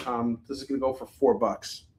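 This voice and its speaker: A man's voice: mid-range voice, fairly even intonation, a little fast, a little mellow, echoey room, slight background noise, low-quality recording. A man hosting a live comic book sales stream, chatting casually in a rambling, jokey way.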